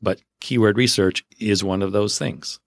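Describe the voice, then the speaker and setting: A man with a fairly low voice hosts a casual podcast, explaining things step by step and offering frank opinions. The sound is dry and close to the mic. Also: steady tone, normal speed, vocal fry, no room sound. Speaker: SEO podcast host.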